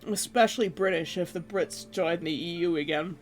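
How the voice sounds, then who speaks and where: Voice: medium pitch, moderate pace, faint music behind. A livestreamer from Canada, casually chatting with viewers in a rambling, joking way and swearing offhandedly.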